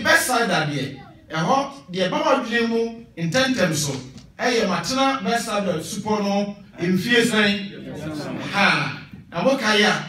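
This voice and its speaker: A high-voiced Ghanaian man preaches with lively emphasis, his words ringing through a very echoey church hall. He sounds set back from the microphone, the reverb wrapping every phrase. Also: far from the mic. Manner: switches between Twi and English, emphatic and animated. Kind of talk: sermon.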